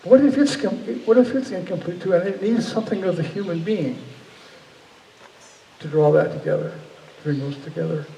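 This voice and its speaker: A man's voice: high-pitched, moderate pace, vocal fry, warm tone, slight background noise. Earnest man speaking in an echoey hall. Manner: earnest, searching, frequent restarts. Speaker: guest speaker. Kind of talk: reflective public talk. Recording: echoey hall from far off, faint ambience.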